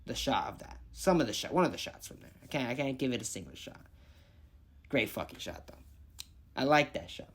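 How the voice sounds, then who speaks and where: A man's voice: mid-range voice, big pitch swings, a little fast, fairly bright tone, husky. A man giving a casual movie review vlog, rambling and thinking aloud, swearing freely as he picks his favorites.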